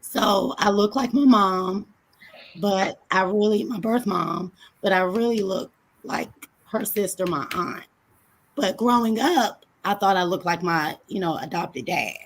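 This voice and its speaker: A woman guest answering slowly and thoughtfully in a casual chat. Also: medium pitch, slight background noise, rough recording.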